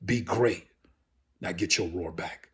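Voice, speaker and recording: A man's voice: low voice, takes it slowly, fairly bright tone, slightly rough. A man giving a motivational speech as host, talking emphatically and repeating his key phrases for effect. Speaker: motivational speaker.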